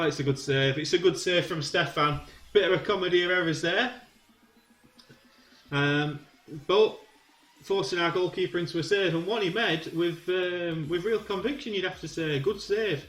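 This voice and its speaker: A Yorkshire man talks through his football management game like a casual match commentator, rambling with ums and sudden bursts of excitement. His voice sits a little high for a man. The sound is roomy, with faint music underneath. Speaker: gaming YouTuber.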